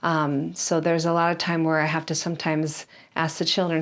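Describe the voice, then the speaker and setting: A woman in her fifties, a longtime kindergarten teacher, answers interview questions. She speaks in a calm, measured way and often pauses on "um". Her voice sits fairly low for a woman. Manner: calm, measured advice with frequent "um".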